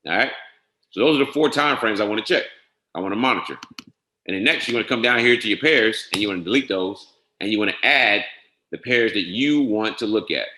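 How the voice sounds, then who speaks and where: A man giving a casual screen-share software walkthrough, methodically spelling out each entry step by step and often checking in with "all right?". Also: lowish voice, expressive, a little fast, roomy sound. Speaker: software trainer.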